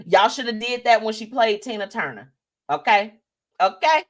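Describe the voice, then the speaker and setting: A woman hosts a live show, chatting casually about celebrity news with an animated, sassy flair and reading viewer comments aloud. She speaks at normal speed with a fairly high pitch.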